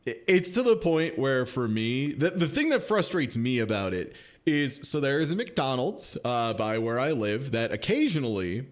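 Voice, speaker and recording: Casual guy talking over a video on a live stream, loose and chatty, cusses a lot, laughs at his own stories, middle-pitched voice. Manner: chatty, swears freely, laughs often. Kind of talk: casual reaction commentary.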